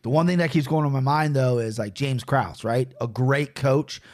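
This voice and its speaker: A man hosting a casual betting podcast, talking in loud, profane, joking banter. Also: medium pitch, normal speed. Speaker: podcast host.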